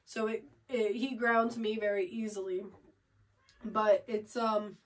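A woman's voice: mid-range voice, fairly even intonation, slow, distant mic, poor audio. A woman co-hosting a podcast, telling stories in a giggly, chatty way. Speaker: podcast co-host. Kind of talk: casual couple chat.

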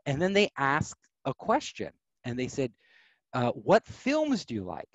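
A middle-aged man, a podcast guest, telling stories of his career in an animated way and acting out the voices of people he quotes. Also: medium pitch, measured pace, no room sound, muffled recording. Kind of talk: storytelling interview.

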